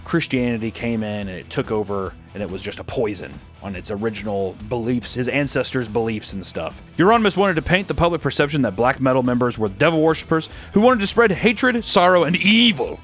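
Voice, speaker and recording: A man's voice: mid-range voice, fairly bright tone. A man hosting, telling a story casually in a sarcastic, joking way and swearing freely. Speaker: host.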